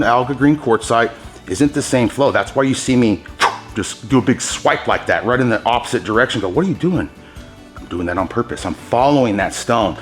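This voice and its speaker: Upbeat man coaching an epoxy tutorial. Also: medium pitch. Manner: enthusiastic, exclaims at his results, coaches with pro tips. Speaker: host demonstrating epoxy countertop techniques. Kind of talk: hands-on tutorial talking to viewers.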